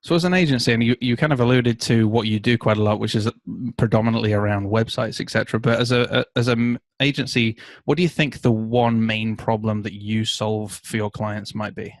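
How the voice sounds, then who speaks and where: A man from the United Kingdom hosting a podcast interview in a casual, chatty way, quick to laugh and enthusiastic. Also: on the low side, fairly even intonation, no echo. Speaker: podcast host.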